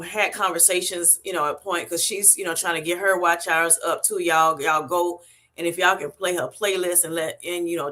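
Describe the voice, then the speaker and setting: Effusive, bright-voiced woman livestreamer. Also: lowish voice. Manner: effusive, thanking viewers over and over. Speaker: livestream host. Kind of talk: casual live-stream chat.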